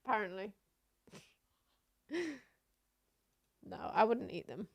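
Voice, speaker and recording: A young woman streaming, chatting casually while reacting to videos, laughing often and letting out loud disgusted exclamations. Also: mid-range voice, animated, slow pace, gravelly.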